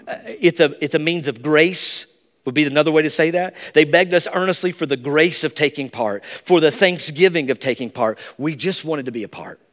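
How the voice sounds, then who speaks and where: Preaching man in an echoing church. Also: brisk. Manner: emphatic, rises to high excited bursts. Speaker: pastor. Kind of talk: sermon. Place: church sanctuary. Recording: long reverb of a church hall.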